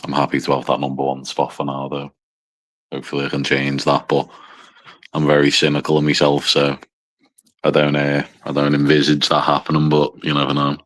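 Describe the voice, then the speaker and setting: A man's voice: rumbling low, completely flat delivery, brisk, fairly bright tone. A man with a mild northwest English accent from near Liverpool, hosting a casual livestream with dry, self-deprecating teasing and swearing. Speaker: livestream host. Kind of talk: casual banter to a small live chat.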